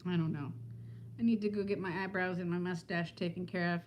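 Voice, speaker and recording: A woman's voice: fairly low pitch, steady tone, fairly quick, a little hiss or hum. A woman in her fifties chatting casually on a live stream from home, talking to viewers by name and laughing often. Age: 50s. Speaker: vlogger hosting a live stream.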